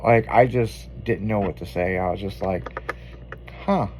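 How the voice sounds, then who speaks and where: A man's voice: deep voice, fairly even intonation, moderate pace, darkish tone, a little hiss or hum. A man hosting an afternoon radio show, telling loose, profane stories in casual banter. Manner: loose, profane storytelling with laughs. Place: radio studio.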